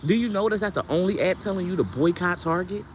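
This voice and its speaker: A woman's voice: lowish voice, fast, a little hiss or hum. A woman who sells herbal products, ranting on her vlog in a heated, blunt, profane way. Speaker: herbal products seller and content creator.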